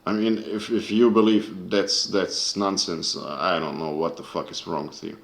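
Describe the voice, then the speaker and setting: Deep-voiced man ranting angrily, echoey room. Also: steady tone, measured pace, creaky. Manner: angry, profane, searching for words. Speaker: video creator. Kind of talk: casual rant to camera.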